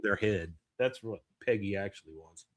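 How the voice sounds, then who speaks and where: A man's voice: fairly low pitch, moderate pace, a loud crowd. A man hosting a podcast, recapping an episode in casual chat and acting out the characters' lines. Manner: animated retelling, voicing characters' lines. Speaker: podcast host.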